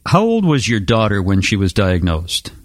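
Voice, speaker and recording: Low-voiced male interview host, dry sound. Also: huge pitch swings, no echo. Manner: measured, formal questioning. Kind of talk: broadcast interview.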